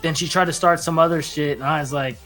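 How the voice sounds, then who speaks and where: A man's voice: a little high, steady tone, fast talker, sharp tone, soft background music. A young man telling a rambling story in casual chat, acting out quotes with laughs. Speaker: podcast guest or co-host.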